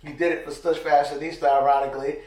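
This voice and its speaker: Animated slangy man in an echoey room. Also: on the high side, fast talker. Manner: animated storyteller, slangy, acts out quotes. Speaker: podcast co-host. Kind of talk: casual chat. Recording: echoey room, distant mic.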